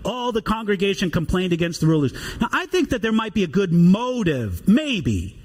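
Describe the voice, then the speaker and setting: A man preaching a sermon, reading scripture aloud and explaining it in an animated way. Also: high voice, normal speed. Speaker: pastor.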